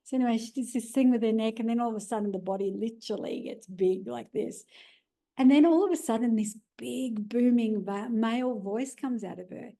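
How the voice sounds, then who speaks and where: A woman's voice: fairly high pitch, brisk, gravelly, mellow. An Australian woman earnestly recounting a personal experience, with frequent "you know" fillers. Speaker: guest telling her story. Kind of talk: personal storytelling.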